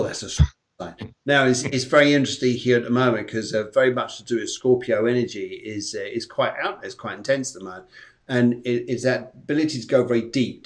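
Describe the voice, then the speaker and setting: A man, a psychic medium, hosting a live-stream show in a chatty, jokey, rambling way. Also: medium pitch. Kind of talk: live-stream reading chat.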